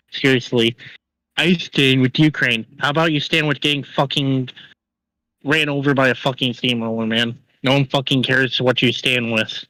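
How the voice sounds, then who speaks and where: Guy ranting and swearing nonstop on a stream, bright edgy voice, dry close mic. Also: mid-range voice, no room sound, rough recording. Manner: angry, profane, rapid ranting. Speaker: co-host. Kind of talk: profane political rant.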